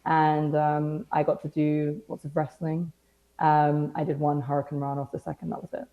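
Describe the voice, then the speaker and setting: A woman's voice: deep voice, monotone, normal speed, phone-quality sound. A young British woman chatting as a podcast guest, telling stories with dry, self-mocking humor and acted-out quotes. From Britain. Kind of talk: casual interview chat.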